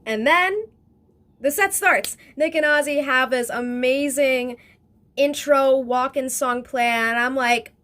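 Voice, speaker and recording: A young woman telling a casual storytime vlog in a chatty, excitable way, full of fillers and swearing. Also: high-pitched, slow pace. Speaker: vlogger.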